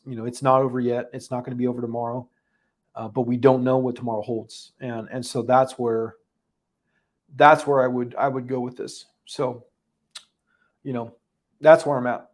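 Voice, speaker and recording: A man hosting a livestream recap, talking unscripted, halting and emotional with many restarts, audibly holding back tears. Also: medium pitch, level tone. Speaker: livestream host giving a daily recap.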